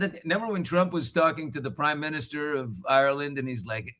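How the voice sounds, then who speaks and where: A man's voice: on the high side, fast talker, few pauses. A middle-aged man hosting a live talk show from a hotel room, chatting casually and joking a lot. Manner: jokey, animated, laughs a lot. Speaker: host.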